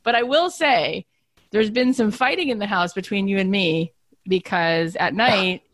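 Woman in her thirties, middle pitch, lively chat host who acts out every quote; dry, close recording. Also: measured pace, no echo. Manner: animated storyteller who acts out quotes in a higher voice. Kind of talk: casual chat.

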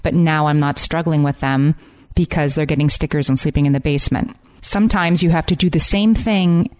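A woman's voice: low voice, fairly quick, darkish tone. A woman co-hosting a casual podcast chat, reading out listener stories in an upbeat, chatty way. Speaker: podcast co-host.

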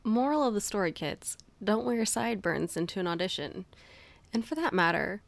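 A woman's voice: medium pitch, lively intonation, moderate pace, gravelly, no echo. A woman hosting a podcast, chatting casually and reacting with frequent laughs. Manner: laughs often, reacts with short interjections. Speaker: podcast host. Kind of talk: casual chat.

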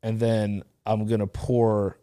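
A man co-hosting a comedy podcast, laying out a crude bit in a deadpan way. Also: lowish voice, takes it slowly, smooth, no echo, studio quality. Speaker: podcast co-host. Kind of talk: casual comedy chat.

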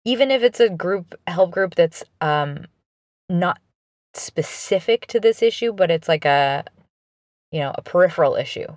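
A woman's voice: on the low side, lively intonation, moderate pace, no echo, studio quality. A woman speaking earnestly and encouragingly straight to the listener in an advice monologue, with frequent restarts and fillers.

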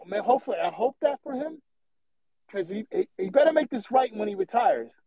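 A man with a fairly high voice calls in to a show and delivers a long, heated, rambling take, circling back over his points. His voice sounds dry and close, with no room around it. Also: expressive, brisk, warm tone, husky, no echo, poor audio. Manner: passionate, rambling, repeats himself. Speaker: caller. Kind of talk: opinionated call-in rant.

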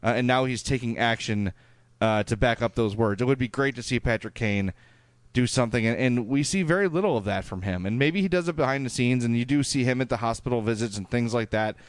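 A man's voice: medium pitch, a little fast, no echo. Chatty Chicago man reading listener emails. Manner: chatty, full of fillers and restarts. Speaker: podcast co-host.

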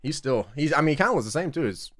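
A man's voice: fairly high pitch, very animated, racing, fairly bright tone, dry recording, studio quality. A young man co-hosting a casual podcast chat, laid-back and profane. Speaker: podcast co-host.

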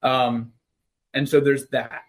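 A man co-hosting a podcast, explaining legal points in a measured, conversational way. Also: medium pitch, level tone. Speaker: podcast co-host. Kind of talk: casual legal discussion.

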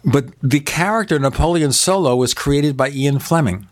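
A man's voice: on the high side, moderate pace, dry recording. Older guy yakking about movies, dry close sound, chatty and keen. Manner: chatty, enthusiastic storyteller. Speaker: co-host. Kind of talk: casual chat about movies and TV.

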